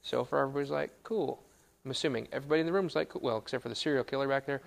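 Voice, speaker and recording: A man's voice: medium pitch, rapid-fire, vocal fry. A man preaching to a live audience in a hall, mixing scripture with playful jokes and self-corrections. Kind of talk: joking sermon to a live audience.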